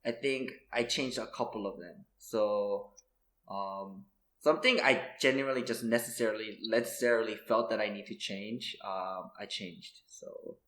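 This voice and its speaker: A man's voice: lowish voice, moderate pace, fairly bright tone. A young man in his twenties co-hosting a podcast, chatting casually with lots of fillers, restarts and easy laughter. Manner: rambling, filler-heavy, laughs easily. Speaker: podcast co-host. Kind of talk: casual chat. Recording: echoey room.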